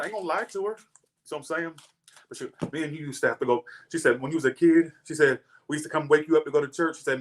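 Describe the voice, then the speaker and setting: A man's voice: on the high side, slight background noise. A young man, chatting casually and animatedly as he tells stories and reads tarot, swearing freely. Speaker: tarot reader. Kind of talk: casual storytelling and tarot reading.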